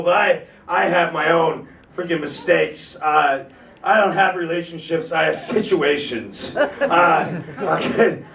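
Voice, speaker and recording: A man in his thirties doing a stand-up comedy set, ranting and shouting in bursts with a laugh in his voice and plenty of swearing. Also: high voice, gravelly, roomy sound, far from the mic. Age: 30s.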